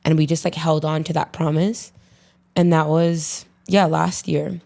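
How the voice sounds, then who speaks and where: A woman's voice: sits low, level tone, measured pace, gravelly, a little mellow. A woman as a podcast guest in casual conversation, telling her story in a heartfelt way.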